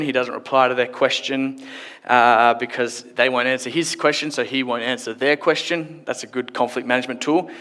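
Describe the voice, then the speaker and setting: A man's voice: mid-range voice, pushed and bright. A man preaching a sermon in church, in a conversational, playful storytelling way. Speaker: pastor.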